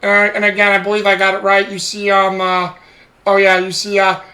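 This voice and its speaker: A man's voice: sits high, completely flat delivery, fairly quick, sharp tone, echoey room, low-quality recording. A man co-hosting a casual chat podcast, recapping a TV episode in a rambling way with lots of fillers. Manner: rambling, acts out quoted lines, frequent fillers.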